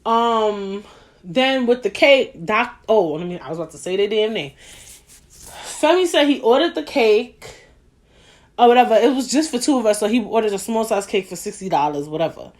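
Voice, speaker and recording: A young woman telling a story as a podcast host, blunt, profane and animated. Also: mid-range voice, normal speed. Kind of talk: casual monologue.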